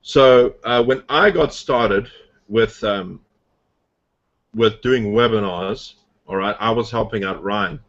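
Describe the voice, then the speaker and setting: A man's voice: on the low side, takes it slowly, a bit bright, dull audio. A man casually coaching a group about his online business, rambling with lots of fillers and restarts. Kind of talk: casual motivational talk on a group video call.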